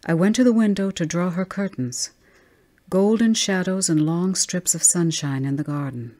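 A woman reading a ghost story aloud as an audiobook narrator, measured and tense. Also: on the low side, mellow.

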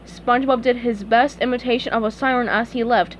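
A woman reading a children's book aloud in a calm, unhurried, steady way. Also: fairly high pitch, muffled recording, very noisy. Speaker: storybook reader.

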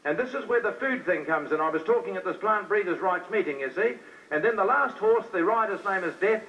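Here the preacher's high voice has lively intonation and a fairly quick pace. Fervent, he addresses the crowd head-on with rhetorical questions in a fiery sermon, captured in a dull, lo-fi recording from a distance.

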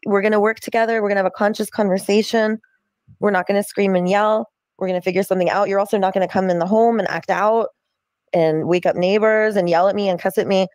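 A woman setting boundaries over the phone in a firm, measured, lecturing tone. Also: mid-range voice, darkish tone, no room sound, clean studio sound. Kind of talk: calm therapy-speak argument.

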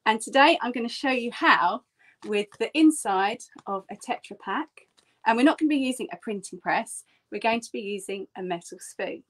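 Speaking at normal speed with lively intonation, a woman print artist leads a friendly online printmaking lesson as part of a workshop. She's chatty and explanatory, and her pitch rises in bright lifts.

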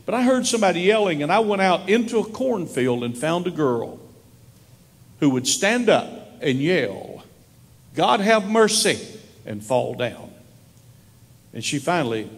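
A male pastor delivers a storytelling sermon in a slightly high voice. His pitch climbs and falls widely, from soft, low asides to raised lines. The sound carries the long reverb of a large hall. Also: very animated, normal speed, breathy edge. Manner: storytelling preacher, swinging from hushed to raised. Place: church sanctuary.

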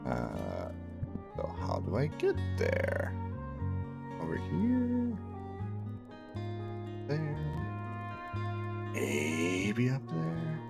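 A man's voice: medium pitch, huge pitch swings, extremely slow, vocal fry, pauses often, over loud music. A man giving wry, casual commentary while playing through a video game. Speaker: game streamer. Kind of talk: casual let's-play commentary.

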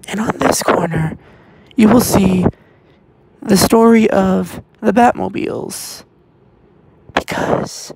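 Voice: medium pitch, steady tone, measured pace, vocal fry, background noise. A young vlogger giving rambling, stammering walkthrough commentary who often drops to a whisper. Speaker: vlogger touring an exhibit.

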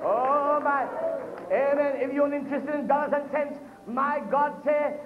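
Male preacher, high-pitched and fervent, full of amens; echoey, phone-thin church recording. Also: fairly even intonation, a little slow, narrow, tinny audio, background noise. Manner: fervent, punctuated with frequent amens. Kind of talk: sermon.

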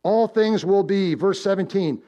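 Male pastor, higher-pitched voice, sermon in church, loud build-ups then hushed warnings, asks the congregation questions. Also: a little slow, dull audio. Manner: storytelling with direct questions to the congregation.

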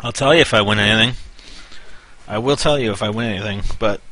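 This gaming channel host talks fast in a fairly low voice that sounds pushed and bright. His casual commentary rambles along, hyper and wound up, building into a half-joking rant.

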